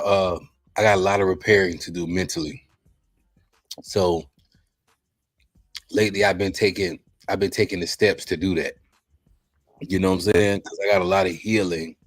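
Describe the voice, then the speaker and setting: A deep-voiced man speaks with the slow, heavy weariness of someone near tears, stumbling and repeating his words as he opens up on a podcast. The sound is close and dry, with no room around it. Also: fairly even intonation, no echo. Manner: weary, halting, repeats himself. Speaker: podcast host. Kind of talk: emotional podcast talk.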